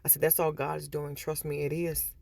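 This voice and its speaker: A woman's voice: low-pitched, little pitch movement, brisk, gravelly, darkish tone, dry recording. A woman vlogger talking casually to her viewers, chatty and repetitive, retelling stories with quoted voices. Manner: chatty, repeats words, storytelling with quoted voices. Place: in a store.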